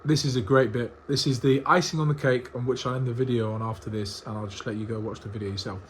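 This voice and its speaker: A man's voice: mid-range voice, steady tone, fast talker, slight background noise. A man hosting a reaction video, making sarcastic, laughing asides while a livestream clip plays. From Europe. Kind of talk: commentary over a played clip.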